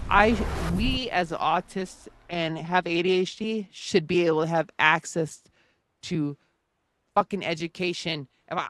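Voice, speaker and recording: A woman's voice: mid-range voice, dry recording. A woman gaming streamer ranting in casual talk, angry and profane with many restarts.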